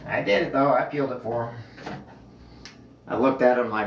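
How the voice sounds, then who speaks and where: A man's voice: medium pitch, normal speed, pauses often, echoey room, background noise. A man from Illinois chatting casually as he cooks in his home kitchen, rambling and amused at himself. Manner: rambling, chatty, self-amused, sings off-key snippets. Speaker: vlogger. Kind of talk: casual cooking vlog chat.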